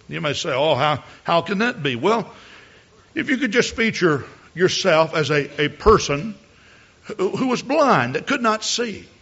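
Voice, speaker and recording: A man's voice: sits high, a bit bright, muffled recording. A male preacher giving a sermon from the pulpit, often repeating words as he builds a point and rising to emphatic peaks. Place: church pulpit.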